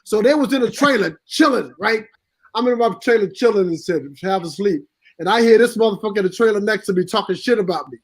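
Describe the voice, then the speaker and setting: A man with a strikingly high-pitched voice tells a rowdy story, swearing freely and laughing as he goes. He sounds like he is on a video call. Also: fast talker. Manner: animated, profane, laughing storyteller. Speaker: cast member guest.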